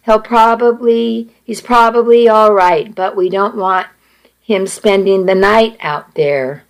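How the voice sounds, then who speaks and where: A woman reading the lines of a calm, gentle man who steadily reassures a frightened mother. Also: mid-range voice, slow pace, low-quality recording. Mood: reassuring. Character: calm, gentle adult man, a park worker.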